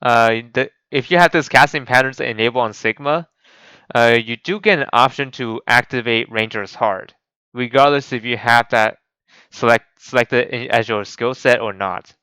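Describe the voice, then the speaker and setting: Male gaming host, casual rambling commentary, bright crisp voice, dry close mic. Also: medium pitch, normal speed, no room sound, poor audio. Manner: rambling, many restarts and fillers. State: voice cracking.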